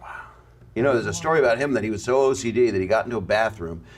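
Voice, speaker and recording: A man's voice: lowish voice, racing. A man, a comedian, telling a rambling anecdote in casual podcast chat.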